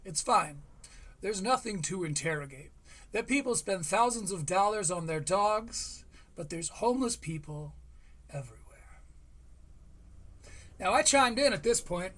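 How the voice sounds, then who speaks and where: A man's voice: high-pitched, animated, unhurried, pauses often, fairly bright tone. A man hosting a live stream, reviewing a podcast in a heated, sarcastic rant.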